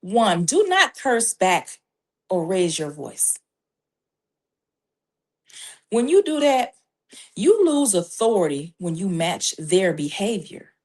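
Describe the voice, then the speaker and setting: Woman life coach, unhurried and emphatic, mid-pitched, teaching step by step with scripture. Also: sing-song. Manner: measured, emphatic, lists steps with scripture. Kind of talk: faith-based parenting advice talk.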